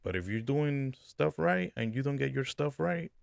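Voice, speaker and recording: A man's voice: mid-range voice, animated, normal speed, vocal fry, dry recording, clean studio sound. A man co-hosting a casual podcast, talking in a laid-back, rambling way and dropping in Spanish words. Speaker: podcast co-host.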